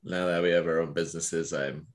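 A man's voice: low voice, fairly even intonation, fairly quick. A man, a physical therapist co-hosting a podcast, telling work stories in a rambling casual way with many fillers. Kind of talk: casual storytelling chat.

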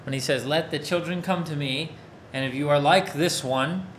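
A man's voice: fairly high pitch, moderate pace, background noise. A man preaching a sermon in a casual, conversational way, often checking that his listeners follow along. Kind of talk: interactive sermon.

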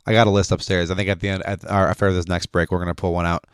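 A man's voice: low-pitched, flat delivery, very fast, clear, resonant tone, dry recording. A man co-hosting a casual beer-tasting podcast in a studio, cracking puns and laughing often. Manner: jokey, punning, laughs often. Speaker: podcast co-host. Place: recording studio.

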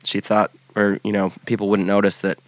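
A man in his forties with a fairly low voice, telling a story in relaxed conversation. He stops and restarts often as he talks, and the sound is dry and close. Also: dry recording. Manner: halting storytelling with many restarts. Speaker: podcast guest. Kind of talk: casual chat.

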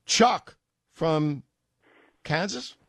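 A man's voice: on the high side, animated, extremely slow, vocal fry. A man hosting a political talk radio show, speaking in a sarcastic, mocking way full of rhetorical questions. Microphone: studio microphone.

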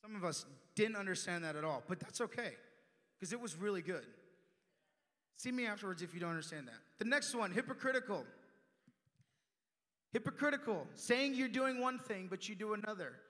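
A young man preaching with a high, bright, ringing voice that jumps from loud emphasis down to quiet asides. His sermon carries a long reverb off the church walls. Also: fairly quick. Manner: animated, swings from loud emphasis to hushed asides. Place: church sanctuary.

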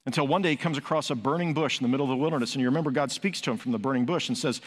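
A man's voice: medium pitch, very fast, few pauses. A man preaching a sermon as pastor, emphatic, building to raised peaks and asking rhetorical questions. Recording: long hall reverb.

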